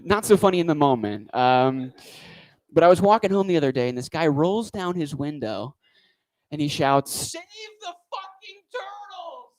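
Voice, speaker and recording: Guy doing stand-up, kinda high voice, wry rambly delivery, dry close sound. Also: lively intonation, moderate pace, no echo, low-quality recording. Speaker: stand-up comedian. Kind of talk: stand-up comedy set. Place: comedy club stage.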